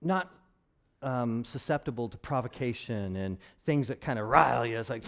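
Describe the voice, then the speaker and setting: A man's voice: mid-range voice, animated, moderate pace, creaky, fairly bright tone. A man preaching a conversational sermon as pastor, with joking asides to his congregation.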